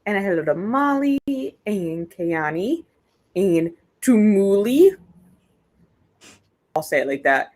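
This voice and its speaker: A woman's voice: lowish voice, big pitch swings, normal speed, hardly any pauses. Casual woman host greeting stream viewers. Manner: greets chat viewers by name one after another. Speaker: readathon livestream host. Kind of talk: casual livestream chat.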